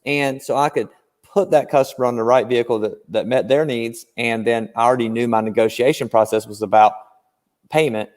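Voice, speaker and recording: A man guest on a casual podcast, coaching dealers and telling animated stories with plenty of examples. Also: medium pitch, a little fast, long reverb tail. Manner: animated storyteller, explains with examples. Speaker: guest car-dealership trainer.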